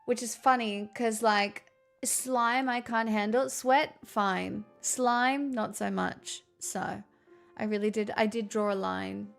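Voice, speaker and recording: A woman's voice: medium pitch, fairly even intonation, slow, gravelly, faint music behind. A woman live streamer in a put-on transatlantic accent, chatting casually with her viewers, self-mocking and swearing freely. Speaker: live streamer greeting chat.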